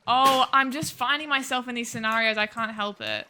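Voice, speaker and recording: Bright-voiced woman streaming a game. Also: on the high side, moderate pace. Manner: chatty and self-mocking, talks to viewers. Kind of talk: casual gameplay commentary.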